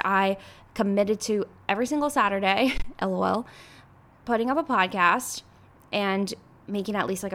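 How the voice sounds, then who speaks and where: A woman's voice: mid-range voice, a bit bright. A woman, hosting her solo podcast in a chatty, rambling way with lots of fillers. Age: 20s. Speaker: podcast host. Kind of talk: casual solo podcast chat.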